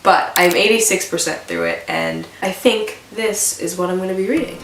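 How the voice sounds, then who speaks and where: A woman's voice: mid-range voice, huge pitch swings, normal speed, soft background music. Young woman, book vlogger, gushing and chatty, echoey room, a bit far from the mic, faint hiss. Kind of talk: casual chat. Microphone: camera mic.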